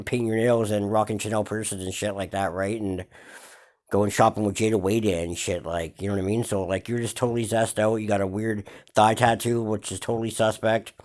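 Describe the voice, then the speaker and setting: A man's voice: on the low side, little pitch movement, brisk, darkish tone. A man hosting a hip-hop gossip vlog, ranting in a mocking tone full of slang, swearing and fillers. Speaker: vlog host. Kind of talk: profane hip-hop gossip commentary rant.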